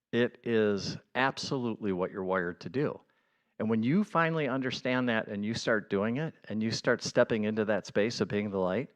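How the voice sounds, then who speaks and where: A man giving a conversational sermon as a pastor, earnest and building to excited emphasis. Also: mid-range voice.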